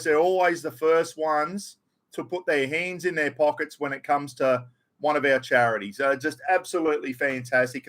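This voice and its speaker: A man's voice: a little high, sharp tone. Chatty Australian man hosting a livestream. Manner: chatty, greets viewers by name, drops mild swearing. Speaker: livestream host. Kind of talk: casual livestream chat.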